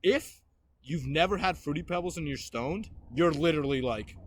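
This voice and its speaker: A man's voice: a little high, moderate pace, no room sound. A young man hosting a podcast, telling a story casually and laughing as he acts out quotes. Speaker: podcast host.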